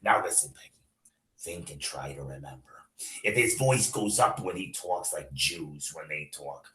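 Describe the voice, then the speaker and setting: A man's voice: extremely low pitch, measured pace, sharp tone, exaggerated voice. A man voicing a suspicious male investigator who presses with questions, read aloud to a class. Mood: probing. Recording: echoey room.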